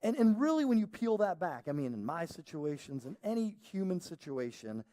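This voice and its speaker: A man's voice: fairly high pitch, big pitch swings, moderate pace, mellow. A male pastor preaching a conversational sermon, acting out quoted voices as he goes. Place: church auditorium.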